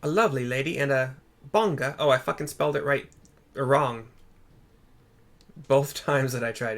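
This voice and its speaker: A man chatting through a game session, reading story text and cracking self-mocking jokes. He swears casually. His voice sits at a middle pitch. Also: normal speed, vocal fry. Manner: joking, profane, self-mocking. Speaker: let's play host. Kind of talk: casual gameplay commentary.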